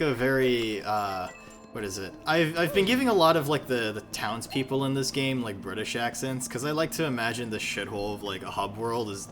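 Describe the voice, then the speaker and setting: A man streaming himself playing a video game, chatting casually with viewers, rambling and swearing with plenty of fillers and restarts. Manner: rambling, profane, lots of fillers and self-corrections; animated, jumpy pitch. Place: home streaming setup. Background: video game music.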